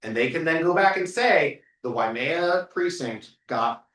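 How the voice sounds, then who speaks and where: A man's voice: on the high side, animated, a little slow, fairly bright tone. A man leading a community meeting, talking in a blunt, earnest and emphatic way. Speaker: meeting organizer. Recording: echoey room from far off.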